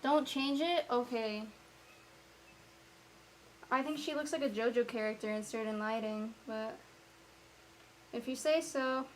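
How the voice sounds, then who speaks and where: A woman vlogger chatting casually to herself as she paints, rambling and self-mocking as she thinks out loud. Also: fairly high pitch, measured pace, long pauses, slight background noise, poor audio.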